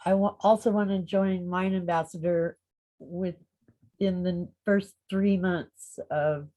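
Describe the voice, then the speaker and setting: A woman's voice: fairly low pitch, fairly even intonation, takes it slowly, dark tone, poor audio. A woman on a group video call, giving brief, matter-of-fact answers. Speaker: member of an online business group.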